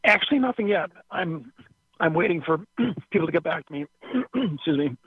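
A man calling in to a radio show, speaking hesitantly and clearing his throat. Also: a little high, expressive, normal speed, no room sound. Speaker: caller. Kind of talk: phone-in call. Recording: muffled phone line.

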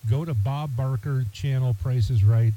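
A man's voice: medium pitch, moderate pace, dark tone, highs cut off. A man hosting a radio show, talking casually and rambling with many fillers and restarts. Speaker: radio host. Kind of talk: casual talk radio monologue.

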